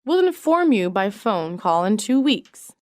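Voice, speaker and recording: A woman reading isolated English practice sentences for a lesson, in a measured, even way. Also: mid-range voice, no room sound, studio quality.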